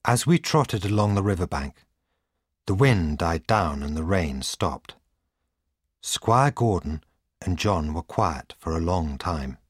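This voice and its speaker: A man narrates a storybook at an unhurried pace, with a husky, slightly low voice. His reading moves a lot in pitch. The recording is dry and close. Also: animated, dry recording. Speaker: audiobook reader.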